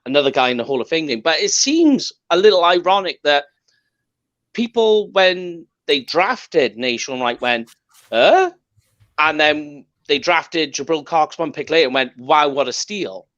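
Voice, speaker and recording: A man's voice: fairly high pitch, expressive, moderate pace, a bit bright, no room sound. A British man co-hosting a podcast, chatting enthusiastically over slightly dull call audio. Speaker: co-host. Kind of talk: casual podcast chat.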